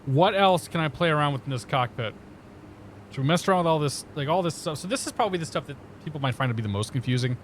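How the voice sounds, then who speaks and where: A man's voice: on the high side, lively intonation, fast talker, slight background noise. A man streaming a flight simulator in casual chat, joking at himself and laughing easily while he explains cockpit controls. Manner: chatty, laughing, self-joking.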